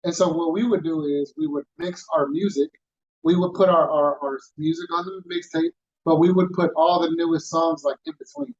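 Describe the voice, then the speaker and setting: Man from Houston, fairly high voice, animated storyteller, slightly muffled sound. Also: normal speed. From Houston, Texas. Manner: animated storyteller, acts out quoted voices, street slang. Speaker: podcast guest. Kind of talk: casual storytelling.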